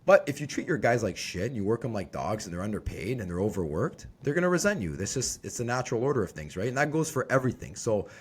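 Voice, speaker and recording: A man's voice: on the low side, big pitch swings, quick pace, hardly any pauses, slightly rough. A man in his forties who co-owns a construction company, talking bluntly and casually on a podcast, cursing freely. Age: 40s. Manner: blunt, swears freely, restarts words.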